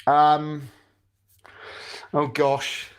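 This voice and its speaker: A man's voice: a little high, monotone, drawn-out words. A man leading a drama club over a video call, chatty and encouraging as he fumbles with the setup.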